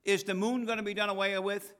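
A man preaching a sermon, reading scripture and swinging between loud declarations and quiet asides. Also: high-pitched, level tone, quick pace. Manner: emphatic, rising to loud declarations and dropping to asides.

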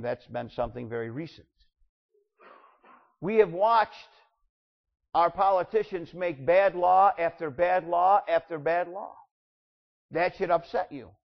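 A man preaching a sermon, reading scripture and then pressing his point with rising bursts of emphasis. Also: high-pitched. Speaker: pastor. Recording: dull roomy church recording.

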